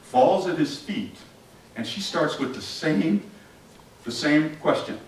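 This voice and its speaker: A pastor with a slightly high voice preaches slowly but with animation, asking his congregation questions and acting out scenes. Recorded from a distance in an echoey church sanctuary, the clip has slight background noise.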